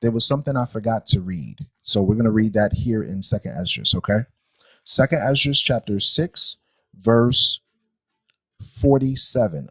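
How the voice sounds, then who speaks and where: A man teaching a Bible study class. He reads scripture slowly and deliberately, repeats phrases and checks that listeners are following. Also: mid-range voice, expressive, fairly bright tone, slightly rough, no echo, low-quality recording.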